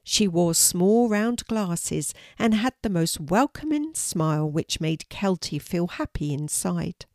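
A woman's voice: fairly low pitch, animated, takes it slowly, few pauses, darkish tone, dry recording, clean studio sound. Older grandmother reading a storybook.

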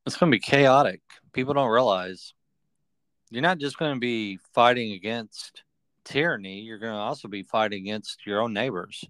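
A man's voice: on the low side, normal speed, a bit bright, dry recording. A man hosting a political podcast, chatting bluntly and casually, often agreeing and swearing now and then. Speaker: podcast host.

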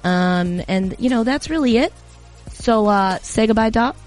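A woman's voice: on the high side, animated, unhurried, a little mellow, faint music behind. A woman hosting a sports podcast, chatting in a giggly, self-mocking, rambling way. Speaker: podcast host. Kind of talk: casual podcast chat.

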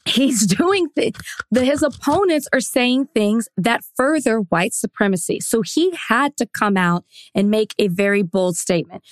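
A woman co-hosting a podcast, making her case in quick, opinionated bursts. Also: on the high side, expressive, no room sound, studio quality. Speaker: podcast co-host. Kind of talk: casual chat.

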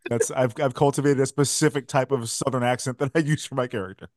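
A podcast co-host in casual chat, sardonic and quick with jokes, swearing freely. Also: mid-range voice, steady tone, a little mellow, dry recording, clean studio sound.

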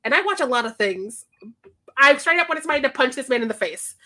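A woman's voice: high voice, fast. A woman in her thirties co-hosting a movie podcast, chatting casually, laughing often, swearing and acting out what characters said. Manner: animated, laughing, swears, acts out lines. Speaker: podcast co-host. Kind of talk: casual movie review chat.

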